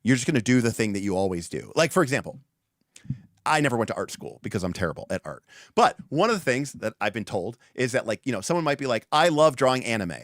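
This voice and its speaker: A male livestream host chats about game design in a loose, animated ramble. His mid-range voice sits close on a desk mic with a dry, dead sound. He doubles back and restarts often. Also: medium pitch, quick pace, dry recording. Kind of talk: casual livestream chat.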